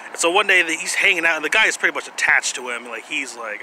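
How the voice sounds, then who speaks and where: A man vlogging in a rambling, casual monologue, halting often with pauses and asides. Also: a little high, lively intonation, sharp tone, a little hiss or hum. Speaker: vlogger presenting jutsu.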